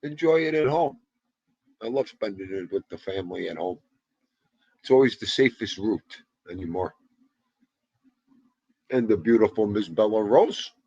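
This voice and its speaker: A man's voice: lowish voice, animated, moderate pace, long pauses, darkish tone, husky, no echo. A man in his fifties hosting a casual livestream, greeting viewers one by one and joking around. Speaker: livestream host. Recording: dull lo-fi livestream audio.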